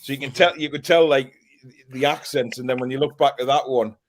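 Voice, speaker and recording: A man chatting on a live stream, rambling in animated bursts and restarting his sentences. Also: medium pitch, a little fast. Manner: rambling, animated storytelling with repeated starts. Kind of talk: casual chat.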